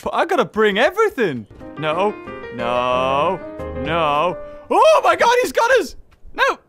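A woman chatting her way through a video game, teasing the characters and breaking into laughter and squeals. Her pitch swoops wildly from low mutters to high shrieks, though she talks at an unhurried pace. Faint game music sits in the background. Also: huge pitch swings, a bit bright. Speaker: gamer playing a video game. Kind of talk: casual let's-play commentary.

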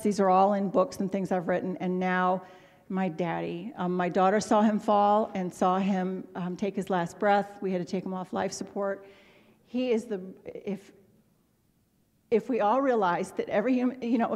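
A middle-aged woman giving a candid, earnest motivational talk to a symposium audience, with quick asides. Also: medium pitch, a little mellow. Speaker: symposium speaker. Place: hotel ballroom. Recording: long reverb of a large ballroom.

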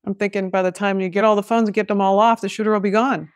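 A woman's voice: medium pitch, little pitch movement, very fast, few pauses, no echo, studio quality. A woman hosting a podcast, talking in a chatty way with joking asides. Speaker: podcast host. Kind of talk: casual podcast conversation.

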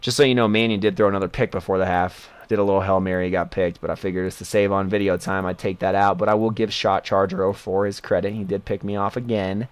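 A young man casually commentating his own football video game match, excitable and jumping to high yelps at big plays. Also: fast, hardly any pauses, clean tone.

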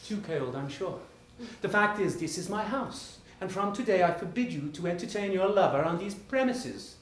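A man's voice: high voice, expressive, normal speed. An actor playing a cold, sarcastic middle-aged husband confronting his wife, with a clipped, formal and mocking delivery in a stage play. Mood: sardonic. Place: theater stage. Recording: roomy theater, faint noise.

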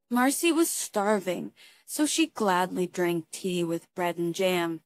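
A woman narrating a scripted story in a steady, even reading voice. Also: on the low side, takes it slowly, no echo, faint music behind.

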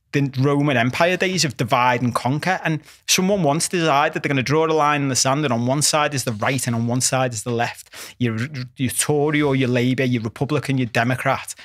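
A man's voice: mid-range voice, fairly bright tone, dry recording, clean studio sound. A young adult man co-hosting a casual podcast, swearing freely and building into mock-rousing rants. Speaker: podcast co-host.

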